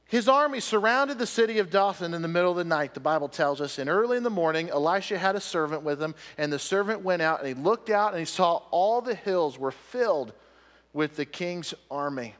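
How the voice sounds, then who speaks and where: A man preaching a sermon to a congregation, telling a Bible story with animated energy and dropping to quiet appeals. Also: sits high, a little fast. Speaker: pastor. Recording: long hall reverb.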